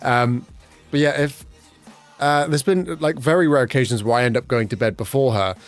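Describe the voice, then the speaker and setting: A young man chatting casually with his livestream chat, talking fast and swearing, with his pitch jumping up whenever he quotes someone. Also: soft background music. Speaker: streamer.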